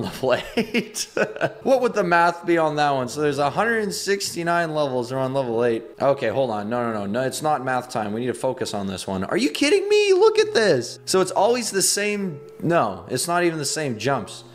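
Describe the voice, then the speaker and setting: A young man hosting a gaming video, giving excitable running commentary and yelping and laughing as he plays. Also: mid-range voice, fairly quick. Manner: excitable, yelps and laughs while playing.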